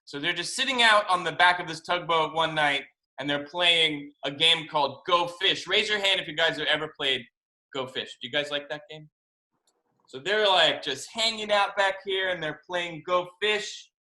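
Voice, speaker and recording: A man, a children's book author, reading a picture book aloud to young children over a video call, animated and chatty, in an echoey room. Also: fairly high pitch, normal speed. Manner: animated, chatty storytelling to kids.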